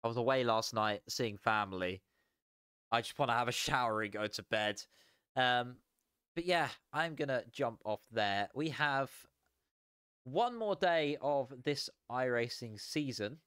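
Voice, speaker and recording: A tired young man chatting casually as a sim racing streamer, relaxed and rambling with frequent chuckles. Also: mid-range voice, measured pace, smooth, no room sound, clean studio sound. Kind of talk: casual live stream chat.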